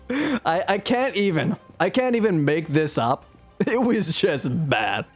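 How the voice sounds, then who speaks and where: Slow, lively self-mocking male streamer. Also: high voice, slightly rough, faint music behind. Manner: self-mocking, chuckles as he talks. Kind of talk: casual storytelling on stream.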